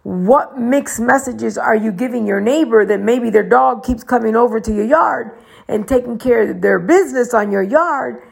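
A woman's voice: on the high side, moderate pace, creaky, slightly rough. A middle-aged woman giving casual advice to her viewers, chatty and preachy, and she talks straight to them. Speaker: vlogger.

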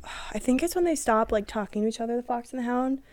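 A woman's voice: fairly high pitch, quick pace, darkish tone, dry recording. Blunt woman, dry close sound, heavy swearing. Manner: blunt, swears heavily, emotional. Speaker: co-host. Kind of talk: casual chat.

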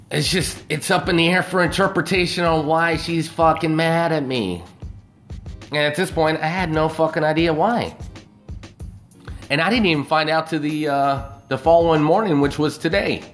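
A man's voice: a little high, fairly bright tone. A man talking casually on a live video, rambling and swearing freely as he tells a story. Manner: profane, loose and rambling.

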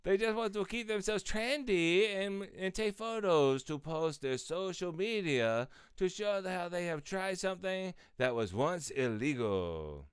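A man's voice: high voice, lively intonation, measured pace, few pauses, clean tone, no echo. A man hosting a podcast who reads news headlines and cracks sarcastic jokes about them. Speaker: podcast host. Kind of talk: comedic news reading.

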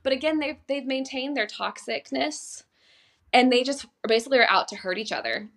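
Bright-voiced woman podcast co-host. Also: high-pitched, normal speed. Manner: animated, acts out quoted dialogue. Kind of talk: casual chat.

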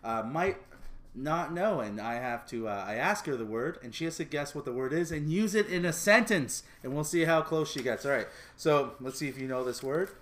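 A man's voice: medium pitch, animated, moderate pace, a bit bright. A man hosting a casual comedy podcast, loose and joking, laughing often. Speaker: podcast host.

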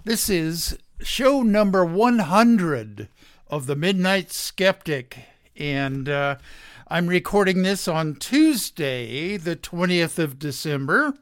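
A radio show host giving a casual opinion monologue from home, halting with many filler pauses. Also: medium pitch, very animated, no room sound, clean studio sound.

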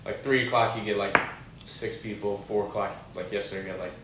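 Podcast co-host, male, relaxed and filler-heavy, very reverberant room. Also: fairly quick. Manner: laid-back, swears casually, many "like" fillers. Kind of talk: casual podcast chat. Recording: very echoey room, faint rumble.

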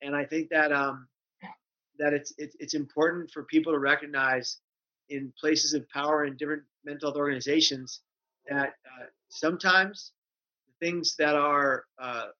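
An earnest man with a fairly high voice talks with emphatic conviction, often repeating his phrases for effect. The recording sounds dull and lo-fi. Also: fairly even intonation, normal speed, bright, forceful tone. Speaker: guest speaker on mental health. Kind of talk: passionate conversational storytelling. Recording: dull lo-fi audio.

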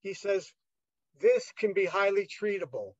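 A man guest with a fairly high voice tells his story in a casual, rambling way, stumbling over restarts and acting out what others said. The recording sounds dull and lo-fi, close and without room echo. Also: lively intonation, measured pace. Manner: rambling, many fillers and restarts, re-enacts dialogue.

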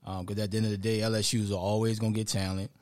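A man's voice: on the low side, flat delivery, racing, darkish tone, no echo, studio quality. A man co-hosting a sports podcast, chiming in with blunt, casual asides. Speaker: podcast co-host.

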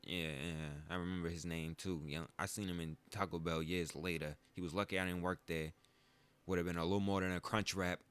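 A man in his twenties hosting a podcast, telling a story in a casual, profane, animated way and jumping into high mocking voices. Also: a little fast, clean tone. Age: 20s. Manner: animated, profane, jumps into high mock voices when quoting. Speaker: podcast host. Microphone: close podcast mic.

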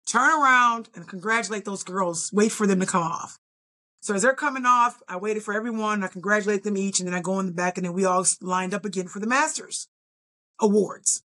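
A middle-aged woman who bodybuilds is a podcast guest, telling her story casually and with lots of animation, acting out how she reacted. Her voice sits at a medium pitch and she talks fairly quickly.

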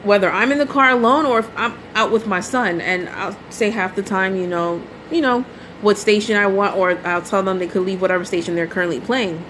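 A woman hosts her own podcast and rants casually about her experiences, filling her speech with "you know" and "like" and dropping in the odd swear word. Her voice sits in an ordinary middle pitch. A faint hum runs in the background. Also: a little fast, fairly bright tone, poor audio. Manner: exasperated ranting storytelling, full of "you know" and "like"; mild swearing. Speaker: podcast host. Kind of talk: casual solo podcast monologue.

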